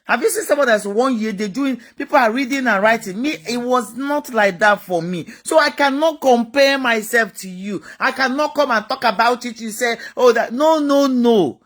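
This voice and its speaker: A woman's voice: fairly high pitch, moderate pace, hardly any pauses, fairly bright tone. A woman giving a motivational talk, emphatic and repetitive, full of rhetorical questions. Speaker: motivational speaker.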